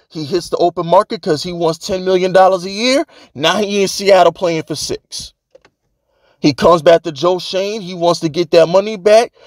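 A man's voice: sits high, no echo. A man hosting his own sports channel, ranting in a brash, profane, joking way and repeating lines for emphasis. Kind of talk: sports rant commentary.

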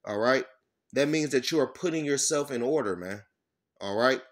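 A man giving an informal sermon. He reads verses slowly, breaks them down bluntly with profanity, and keeps checking in with "all right?". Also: mid-range voice. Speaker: scripture teacher. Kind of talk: informal sermon with scripture reading.

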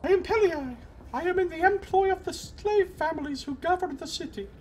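A man voicing a haughty, formal female fish-person agent while reading game dialogue aloud, in a stiff, drawn-out manner. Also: extremely high pitch, a little mellow, pitched above the performer's own voice. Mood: proud.

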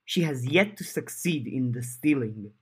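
A proud, stately fairy man of the summer court, as a male reader puts him on. He speaks slowly and grandly, lingering over every phrase. His voice is steady and mid-pitched. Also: breathy edge. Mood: grandiose. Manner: slow, grand and theatrical. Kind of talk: audiobook character voice.

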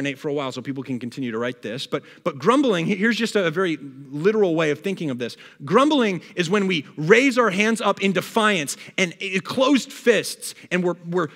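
A man's voice: sits high, normal speed, hardly any pauses. Guy preaching a sermon in church, reads bible verses, lots of echo from the hall. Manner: lively preaching, reads scripture aloud, acts out complaints. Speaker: pastor.

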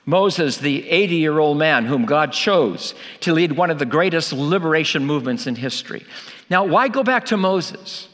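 A man's voice: fairly high pitch, a bit bright, in a large hall. A man preaching a sermon, emphatic, asking rhetorical questions and repeating key lines for weight. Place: church.

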